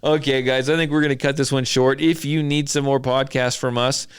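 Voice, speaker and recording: Medium-pitched and brisk, this man's smooth voice shows little pitch movement as he hosts a casual podcast from his home studio. Hailing from southern Idaho, he rambles with a wry edge and lists things off, and there's no echo.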